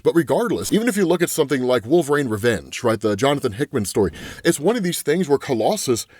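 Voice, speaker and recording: A man chatting casually as a comics explainer, retelling a story and often tagging lines with a quick "right?". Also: medium pitch, big pitch swings, darkish tone, breathy edge, no room sound. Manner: chatty, keeps asking "right?". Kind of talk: casual video commentary.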